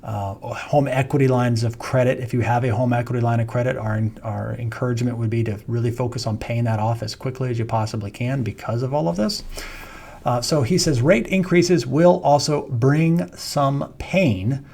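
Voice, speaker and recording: A man's voice: mid-range voice, moderate pace, gravelly, a little mellow. A man, a wealth management firm founder giving a conversational video update on the economy, with frequent ums and self-corrections. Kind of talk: informal video market update.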